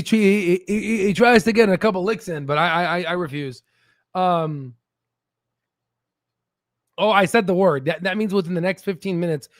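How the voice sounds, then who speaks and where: A man hosting a casual stock market livestream, animated and swearing, with stammering restarts. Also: high-pitched, dry recording, clean studio sound.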